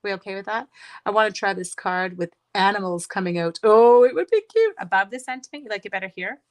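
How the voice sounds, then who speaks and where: A woman's voice: mid-range voice, lively intonation, fairly quick. A middle-aged woman hosting a card-making livestream, chatting casually to viewers and talking herself through each step. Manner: chatty, self-talking while crafting, talks to viewers. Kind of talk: casual livestream crafting chat.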